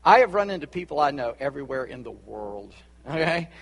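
A man with a Charleston Southern accent preaching a sermon as a pastor, chatty with asides and quick laughs. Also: a little high, very animated, gravelly, in a large hall. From Charleston, South Carolina.

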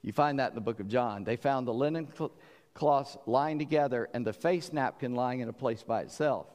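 A man's voice: medium pitch, moderate pace, long reverb tail. A man preaching a sermon, telling stories animatedly as he acts out voices. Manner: animated storytelling, acting out voices. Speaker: pastor.

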